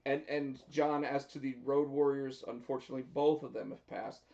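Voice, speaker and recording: A man hosts a casual talk stream in a relaxed way and reads viewer comments aloud. His voice is gravelly and dark, and the audio is muffled and lo-fi. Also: medium pitch, a little fast. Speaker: host. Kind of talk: casual chat.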